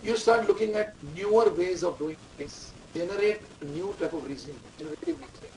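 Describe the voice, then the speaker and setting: A man's voice: high voice, expressive, fairly quick, a little mellow. A man giving a classroom lecture, repeating key terms and quizzing students. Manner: repetitive, quizzing the class, dictating instructions. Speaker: management lecturer. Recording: distant mic, faint room noise.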